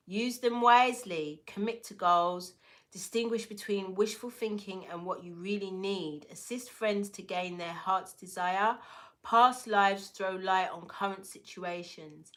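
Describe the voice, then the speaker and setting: A woman giving a casual oracle card reading, playful and affirming, with slangy asides to her viewers. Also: medium pitch. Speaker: tarot and oracle card reader.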